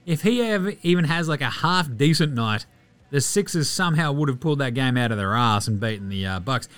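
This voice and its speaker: Animated Australian man ranting sports. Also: medium pitch, fairly quick, clear, resonant tone. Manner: animated, swearing, mock-outraged. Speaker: podcast host. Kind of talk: profane sports podcast rant.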